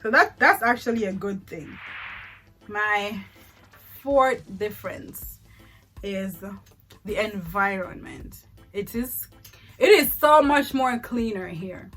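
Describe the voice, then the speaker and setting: A woman's voice: mid-range voice, lively intonation, slow, long pauses, a bit bright, soft background music. A young woman with a Jamaican accent, talking casually in a vlog, repeating words for emphasis and slipping into patois. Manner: chatty, repeats words for emphasis, laughs often, slips into patois. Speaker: vlogger. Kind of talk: casual vlog comparing countries.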